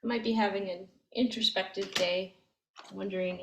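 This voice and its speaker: A woman teaching a language lesson, explaining gently and step by step with frequent ums. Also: on the high side, measured pace, reverberant, noisy background. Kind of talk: slow, patient language lesson.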